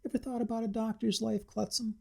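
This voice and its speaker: A man voicing a tipsy, pompous middle-aged gentleman who speaks with exaggerated, ponderous civility in a gravelly, husky voice. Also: high-pitched, level tone, brisk, voice pushed up. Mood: ponderous sympathy. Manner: overly civil, ponderous, slightly drunk.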